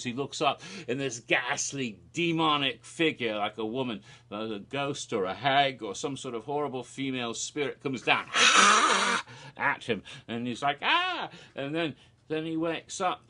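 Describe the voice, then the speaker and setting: Bright-voiced man retelling a teaser. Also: medium pitch. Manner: animated, rambling, with fillers and restarts. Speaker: theme park vlogger. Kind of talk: casual retelling of a promo video.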